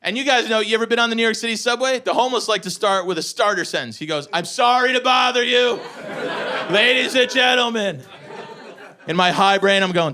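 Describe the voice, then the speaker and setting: A man in his forties performing a stand-up comedy set, telling profane, animated stories with acted-out asides. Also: sits high, fairly quick. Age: 40s. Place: comedy venue with a live audience. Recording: live show with loud audience laughter.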